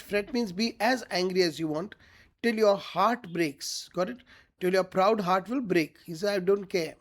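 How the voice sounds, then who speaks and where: A man's voice: sits high, a little slow. Guy teaching a literature class, reads a line then explains it in plain words, keeps asking got it. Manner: reads each quote then paraphrases it plainly, often checks "got it?".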